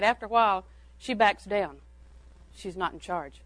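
A woman's voice: medium pitch, normal speed, no room sound, poor audio. An older woman giving a homespun talk on parenting to a church audience, telling anecdotes and chuckling between them. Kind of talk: folksy storytelling talk to an audience.

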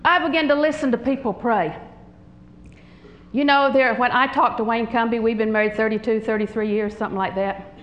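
An older woman preaching a sermon, animated and humorous, telling stories with frequent laughter. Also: a little high, brisk, echoey room, highs cut off.

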